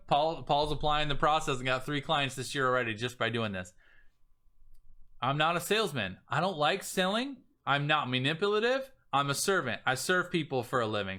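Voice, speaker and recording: A man coaching on selling, talking casually and with energy, often acting out sample messages in a lively voice. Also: mid-range voice, normal speed. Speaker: business coach. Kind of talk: casual teaching talk.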